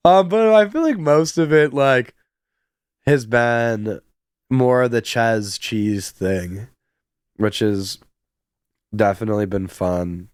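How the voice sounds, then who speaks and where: A man's voice: medium pitch, expressive, slow, pauses often, a little mellow, clean tone, no echo, clean studio sound. A man, a music producer, chatting casually on a podcast, laughing often and filling with "like". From Chicago. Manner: giggly, laughs often, many fillers.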